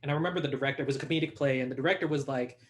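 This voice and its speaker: A young man chatting as a podcast guest, animated and laughing, acting out quotes as he tells stories. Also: mid-range voice, very fast. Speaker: podcast guest, hip hop artist. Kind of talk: casual conversation.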